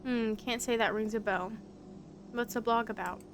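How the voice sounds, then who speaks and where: A woman's voice: on the high side, fairly even intonation, normal speed, slight background noise, close to an everyday voice. A woman voicing a laid-back young man in a visual novel, talking in a casual, slangy, gossipy way.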